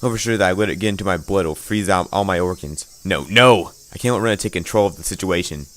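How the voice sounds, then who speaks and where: Low-voiced man reading game text. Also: rapid-fire. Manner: tense reading with stumbles and asides. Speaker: let's play narrator.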